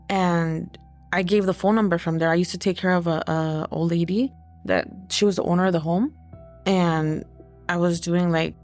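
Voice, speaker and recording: A young adult woman telling her own life story in a halting, hesitant way, full of fillers. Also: lowish voice, gravelly. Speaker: podcast guest sharing her story. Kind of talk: personal testimony.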